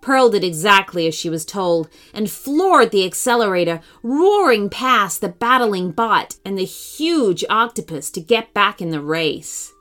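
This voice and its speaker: A woman narrating a children's story in an expressive, animated reading voice. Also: medium pitch, a little slow, few pauses.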